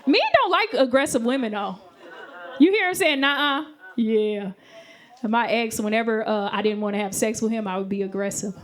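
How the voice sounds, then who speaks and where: A young woman performing a stand-up comedy set, animated and acting out the voices of the people in her stories. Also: a little high, fairly quick. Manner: animated, acts out voices of men and friends. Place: comedy stage. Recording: live show with audience laughter.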